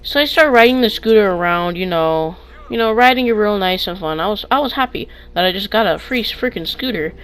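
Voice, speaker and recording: A young man casually telling storytime tales into a clip-on mic, rambling with restarts and getting loud when excited. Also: high-pitched, a little fast, hardly any pauses, smooth, rough recording. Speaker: vlogger.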